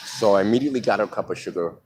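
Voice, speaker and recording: A middle-aged man with a deep, low voice tells a personal story live, candid and rambling, swearing freely. He is outdoors by a street, speaking into a phone, and passing vehicles rumble clearly behind him. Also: racing.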